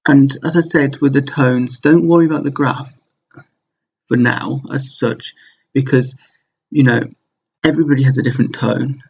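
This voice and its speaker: A man with a low, husky voice teaches a recorded online language lesson over slides, speaking slowly and in a relaxed way with many pauses and fillers. The high frequencies are cut off.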